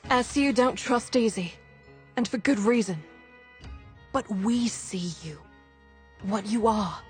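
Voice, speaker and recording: An actress playing a gruff, seasoned woman who leads a workers' union in a video game; she talks in blunt, clipped, weary lines. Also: medium pitch, slow, a little mellow, soft background music, close to an everyday voice. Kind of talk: video game character dialogue.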